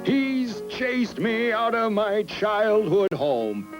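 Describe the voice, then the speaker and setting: A man voicing a tired, proud old male kangaroo in a storybook reading, complaining slowly and wearily. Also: sits high, big pitch swings, music in the background, voice pushed up, full character voice. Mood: weary, aggrieved. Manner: slow, weary complaining.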